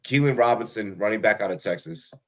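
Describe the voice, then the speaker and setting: A man's voice: lowish voice, fairly quick. A young man hosting a fantasy football show, chatting casually and profanely, rambling with lots of fillers and restarts over a remote call. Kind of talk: casual profane podcast chat.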